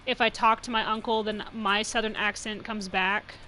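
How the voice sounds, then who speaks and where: Chatty and loose, the same New Mexico streamer laughs her way through game commentary, leaning heavily on "like." This time her bright, forward voice sits at medium pitch with little movement and normal speed, over a faint hiss and poor audio.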